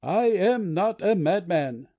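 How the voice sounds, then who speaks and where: A woman's voice: on the low side, lively intonation, slow, warm tone, exaggerated voice. A woman reading an audiobook, voicing a passionate, desperate young male anarchist who pleads with his comrades. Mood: impassioned pleading. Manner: impassioned, pleading.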